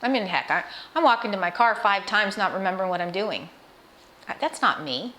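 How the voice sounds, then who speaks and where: A woman's voice: medium pitch, animated, fairly quick, bright, forceful tone. A middle-aged woman speaking personally to camera about her illness in an earnest, emotional, conversational way, with restarts and asides to the viewer. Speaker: cancer patient sharing her experience. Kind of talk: personal vlog talk to camera.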